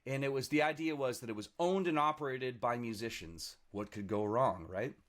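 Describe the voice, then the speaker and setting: Man, forties, podcast guest, lively self-mocking storyteller, mid-pitched voice. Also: moderate pace. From Niagara region, Canada. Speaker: guest musician.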